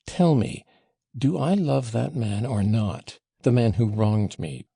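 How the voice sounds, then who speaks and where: A man's voice: medium pitch, lively intonation, slow, creaky, dark tone, husky, dry recording, studio quality, full character voice. A man reading an audiobook voices a passionate, wounded young woman, talking in a raised, emotional way that swings from tender to scornful. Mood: pleading. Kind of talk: audiobook character voicing.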